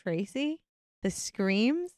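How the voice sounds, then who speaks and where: An animated woman in her thirties tells a story on a casual podcast, swearing freely and laughing as she goes. Her voice is mid-pitched and recorded close and dry. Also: very slow, no echo. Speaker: podcast co-host. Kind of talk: casual chat.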